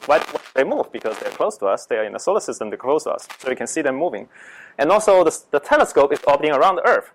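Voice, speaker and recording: A man lecturing to a room, his voice sitting a little high. He talks hesitantly, filling gaps and restarting his sentences as he explains. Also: animated, fast talker, poor audio. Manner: hesitant, many fillers and restarts. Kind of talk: astronomy lecture.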